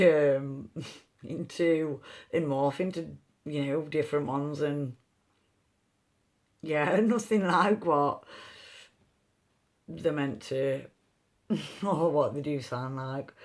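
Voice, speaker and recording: A rune reader giving a meandering, free-associating reading with chatty asides. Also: medium pitch. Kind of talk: slow intuitive card-style reading.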